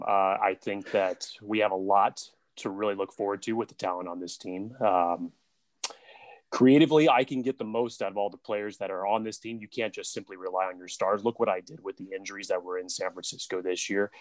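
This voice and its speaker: A man earnestly pitching himself as a guest in a comedic mock job interview. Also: fairly quick, no room sound. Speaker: podcast guest.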